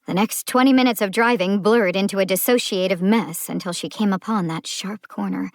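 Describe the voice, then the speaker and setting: A woman narrating a thriller audiobook in a measured storytelling style. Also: mid-range voice, no echo, clean studio sound.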